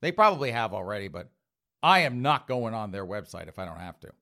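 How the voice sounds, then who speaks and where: A man's voice: on the low side, very animated, brisk, sharp tone. A middle-aged man hosting an opinion talk show, ranting in a sarcastic, mocking tone. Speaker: host.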